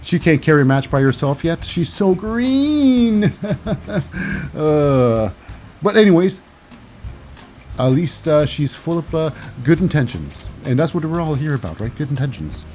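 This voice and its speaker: A man hosting a casual wrestling recap, rambling and halting with lots of fillers, wry and cynical. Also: fairly high pitch, expressive, darkish tone, soft background music. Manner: rambling, halting, full of uh and what's that. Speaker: host.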